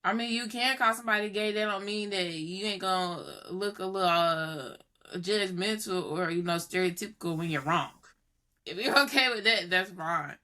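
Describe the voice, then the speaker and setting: A woman co-hosting a podcast in casual debate, animated and quick to push back. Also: mid-range voice. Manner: animated, pushes back, drawls. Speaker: podcast co-host.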